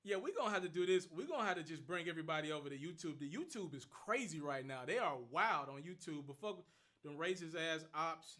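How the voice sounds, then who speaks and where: A young man hosting a casual phone livestream, rattling off rapid shout-outs to viewers and answering their questions. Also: a little high, expressive. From Memphis. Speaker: livestream host.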